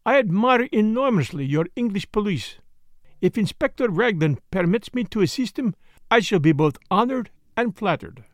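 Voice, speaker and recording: A man voicing a polite, formal retired detective who speaks in a measured, courteous way in an audiobook. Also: high voice, lively intonation, no echo, clean studio sound, pitched above the performer's own voice.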